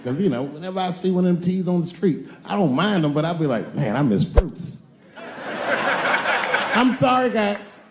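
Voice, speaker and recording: A man in his forties doing stand-up comedy on a stage, animated, shouting punchlines and acting out voices. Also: high voice, a little fast, few pauses, reverberant, a little hiss or hum. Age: 40s. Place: comedy stage before a live audience.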